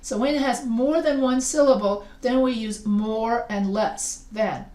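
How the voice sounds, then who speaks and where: A woman's voice: fairly high pitch, a little slow, darkish tone, echoey room. A woman instructor giving a chatty, playful grammar lecture in a classroom, asking students questions as she goes. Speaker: writing instructor.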